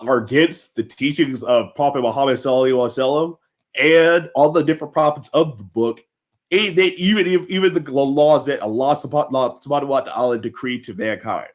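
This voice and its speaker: A man vlogging an impassioned, rambling monologue, emotional and emphatic, repeatedly checking in with his listeners. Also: medium pitch. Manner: heated, rambling, emphatic with repeated tag questions.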